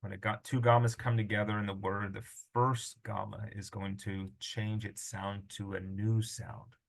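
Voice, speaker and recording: A man teaching a recorded lesson on Greek pronunciation, informal and patient, sounding out words slowly. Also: lowish voice, little pitch movement, creaky, low-quality recording.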